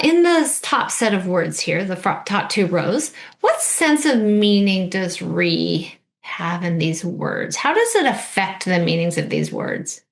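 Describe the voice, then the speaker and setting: A woman teacher giving an instructional video lesson, patiently modeling words and prompting the listener to repeat. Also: mid-range voice.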